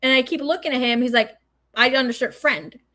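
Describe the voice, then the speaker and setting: Young socal woman spilling a story, cussing nonstop, voice sits kinda high. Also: fairly quick. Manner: animated, swears a lot, acts out quotes. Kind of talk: casual storytelling.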